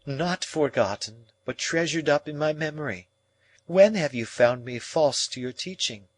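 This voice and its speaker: A man voicing a proud young woman who speaks in a calm, measured, reproachful way in an audiobook. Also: a little high, no echo, pitched above the performer's own voice. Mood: cool.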